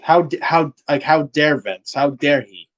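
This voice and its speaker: A man's voice: fairly high pitch, expressive, a little slow, muffled recording. A man hosting a casual wrestling review, blunt and fond of swearing, with "man" tacked onto many lines. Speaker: podcast host.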